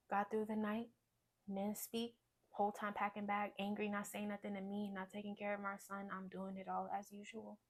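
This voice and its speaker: A young woman giving a personal testimony in conversation, earnest and storytelling, often dropping to a quiet voice. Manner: earnest, storytelling, drops to quiet low voice when recounting. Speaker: guest sharing testimony.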